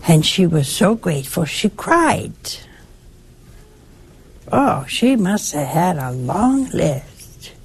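An older woman preaches in a somewhat low voice. She talks in a chatty, lively way and chides her listeners with affection. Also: slow, breathy edge. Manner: conversational, lively, chiding and affectionate. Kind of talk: sermon.

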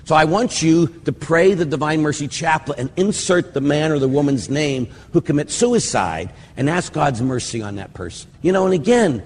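A man's voice: a little high, expressive, normal speed, hardly any pauses, a little mellow, big-room sound, a little hiss or hum. An older man, a priest, giving a rambling, conversational teaching talk on prayer, full of fillers and asides.

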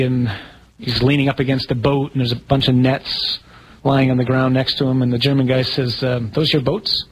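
A man, a priest, teaching a live audience in a relaxed, humorous way, asking questions and telling stories. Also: mid-range voice, breathy edge, rough recording. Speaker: Catholic priest.

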